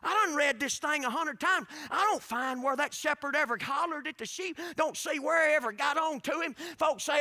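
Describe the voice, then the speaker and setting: A man preaching a revival sermon, swinging from quiet storytelling to shouted preaching. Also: very high-pitched, expressive, moderate pace, few pauses, no room sound, studio quality.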